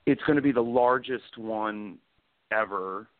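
A male author appearing as a guest reads from his book dramatically, then shifts into enthusiastic, rambling chat. His voice is lowish and a little slow. The sound is dry and phone-like, with no echo.

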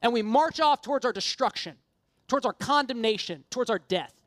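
A woman's voice: a little high, expressive, a little fast, dry recording. Impassioned woman preaching, dry close sound. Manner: earnest and impassioned, rising to emphatic appeals; conversational asides with light self-deprecation. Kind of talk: sermon.

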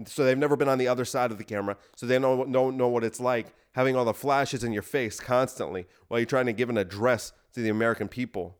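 A man hosting a podcast, delivering a deadpan comedic monologue of escalating absurd bits. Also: mid-range voice, fast talker, few pauses, smooth. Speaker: podcast host.

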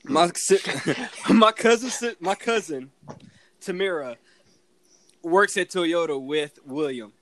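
A man's voice: high voice, slow pace, a bit bright, slight background noise. A man hosting a casual podcast chat with friends, joking, laughing and cussing as he talks. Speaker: podcast host.

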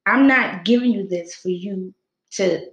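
Speaking a little slowly in a mid-range voice, this young woman hosts a podcast and shares her personal story, casual and heartfelt. She brings quotes to life as she goes. The audio is dull, recorded in an echoey room.

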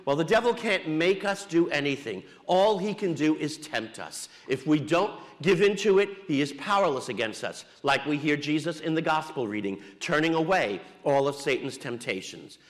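A male priest gives a homily in a relaxed, wry, conversational manner. His voice sits slightly high for a man. A long reverb trails each phrase, as in a church. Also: normal speed, few pauses. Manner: conversational preaching with wry jokes. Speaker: Catholic priest.

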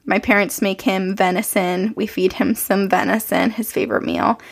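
A woman's voice: medium pitch, fairly even intonation, moderate pace, creaky, husky. A young woman co-hosting a podcast, chatting casually and telling rambling personal stories with frequent laughs. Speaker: podcast co-host.

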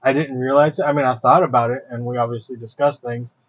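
A man's voice: mid-range voice, steady tone, fast talker, slightly rough, no room sound. A man co-hosting a podcast in casual chat, reflective, thinking aloud with fillers. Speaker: podcast co-host. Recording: dull lo-fi sound.

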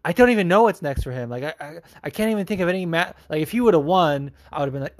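A man hosting a show of listener calls, talking in a casual, profane and excitable way. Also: on the high side, a little fast, few pauses, dry recording, clean studio sound. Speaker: podcast host answering listener calls. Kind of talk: casual chat.

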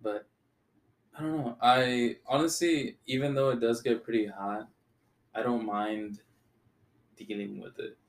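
A man's voice: mid-range voice, steady tone, unhurried, long pauses. A young man from Texas in casual chat as a podcast co-host, laid-back and swearing freely. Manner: laid-back, swears a lot, says "dude".

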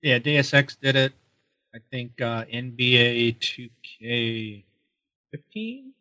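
A man's voice: medium pitch, expressive, slow, pushed and bright, highs cut off. A man co-hosting a casual podcast, chatty and hesitant with ums. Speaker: podcast co-host. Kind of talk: casual chat.

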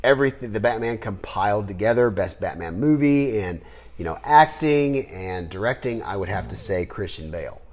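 A man hosting a podcast in casual chat, rambling and trailing off into low mutters. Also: lively intonation, normal speed. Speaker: podcast host.

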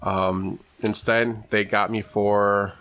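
A young man casually telling a story in a podcast chat, animated and swearing often, acting out what people said. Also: on the low side, slow. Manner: animated, swears a lot, acts out quotes.

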